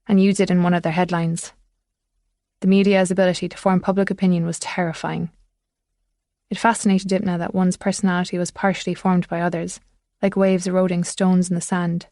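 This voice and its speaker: A woman narrating a thriller audiobook in a measured, even storytelling voice. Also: on the low side, dry recording, studio quality. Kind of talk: scripted narration.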